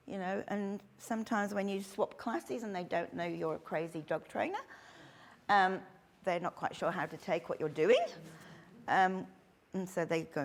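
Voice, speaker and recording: Middle-aged aussie lady talking dog training to a class, chatty and lively. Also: mid-range voice, a little slow, gravelly. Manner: chatty, animated, acts out little quotes. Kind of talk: workshop talk to instructors.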